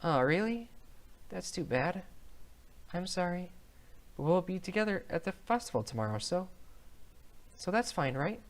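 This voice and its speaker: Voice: very animated, moderate pace, pauses often. A streamer voicing a cheerful but fragile teenage girl in a visual novel, reading her lines in a raised, bubbly voice that can turn tearful. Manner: high, bubbly, turning tearful. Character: cheerful, fragile teen girl with sad depths.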